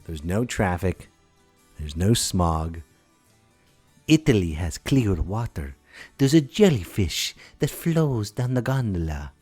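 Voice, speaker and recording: A man's voice: sits low, big pitch swings, slow, a little mellow, husky, soft background music. A man hosting a podcast, delivering a joking, rambling comic monologue. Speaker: podcast host.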